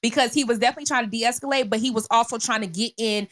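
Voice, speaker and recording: A young woman co-hosting a podcast, crude and excitable in casual chat. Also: fairly high pitch, racing. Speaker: podcast co-host.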